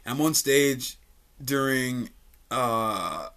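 Young guy from richmond va hosting a podcast, bright voice, chill and swearing a lot, says like every other word. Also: medium pitch, expressive, drawn-out words. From Richmond, Virginia. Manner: laid-back, swearing, lots of likes and uhs, laughs often. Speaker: podcast host, comedian. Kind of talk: casual storytelling chat. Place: studio.

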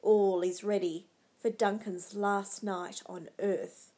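A woman's voice: mid-range voice, fairly even intonation, slow pace, warm tone, pitched below the performer's own voice. Woman reading as a scheming, ruthless noblewoman. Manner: commanding, coaxing and scornful.

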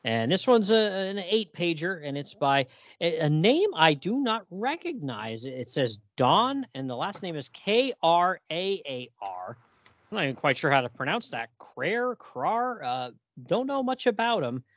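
A man on a podcast, talking casually with an animated, laughing delivery. His voice sits a little high and swings widely in pitch. The sound is dry and close, with no room around it. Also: a little slow, dry recording, lo-fi sound. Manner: animated, laughing, lots of fillers. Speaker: podcast co-host. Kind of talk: casual chat about comics.

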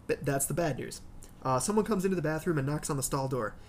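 A man with a slightly high voice co-hosts a podcast, reading out an embarrassing story and riffing on it between laughs. He talks in a loose, animated, jokey way. Faint background noise sits under the recording. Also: quick pace. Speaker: podcast co-host reading stories. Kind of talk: casual chat and story reading.

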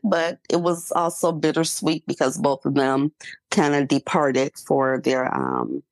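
A woman's voice: deep voice, lively intonation, a little slow, no room sound. A middle-aged woman co-hosting a podcast, telling a personal story in casual chat with fillers and laughs. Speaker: podcast co-host.

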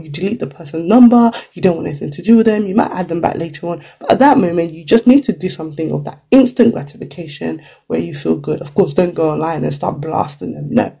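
Speaking casually to the camera, a career-advice vlogger peppers the chat with "like" and "you know" and sometimes acts out short quotes. The voice is medium-pitched, gravelly, warm, and slightly rough.

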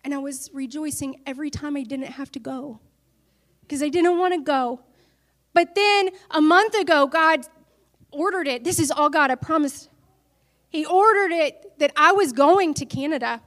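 A woman's voice: sits high, moderate pace, a bit bright. A woman preacher giving an earnest sermon that builds to emphatic declarations.

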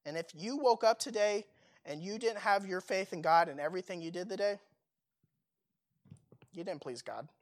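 A man's voice: high-pitched, expressive, normal speed, long pauses. A young man preaching a sermon in a casual, conversational way, full of fillers and rhetorical questions.

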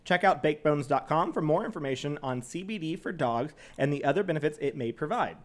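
A man's voice: fairly high pitch, animated, a little fast. A man co-hosting a casual podcast, laughing often and reading an ad. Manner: giggly, playful, laughs often. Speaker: podcast co-host. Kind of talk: casual chat with ad read.

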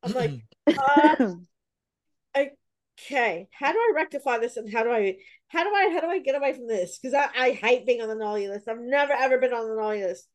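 A woman hosting a casual podcast chat, telling stories and acting out her own reactions. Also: brisk. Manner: animated, acts out her own past reactions with sudden high cries. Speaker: podcast host.

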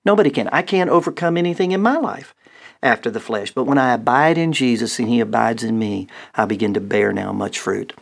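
A man's voice: medium pitch, lively intonation, a little fast, vocal fry. A man speaking as a pastor in a Christian talk show, with an earnest, preacherly cadence.

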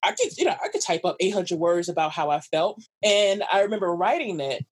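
Woman, interview guest; animated, quotes people with voices, salty language. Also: lowish voice, a little fast, slight background noise. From New York. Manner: animated, acts out quoted voices, swears freely. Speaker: guest, runner and writer. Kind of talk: casual storytelling interview.

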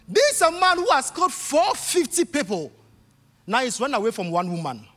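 A male preacher delivers a sermon in a reverberant church hall, his voice pitched high and swinging widely. He drives his points home by repeating them, with soft music running faintly underneath. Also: big pitch swings, moderate pace. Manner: emphatic, repetitive preaching with rising bursts.

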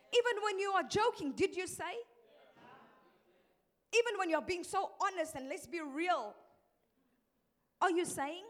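A middle-aged woman, preaching a sermon in a lively, emphatic way and acting out the people she quotes. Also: very high voice. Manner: lively, emphatic, quotes others in changed voices. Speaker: pastor's wife preaching.

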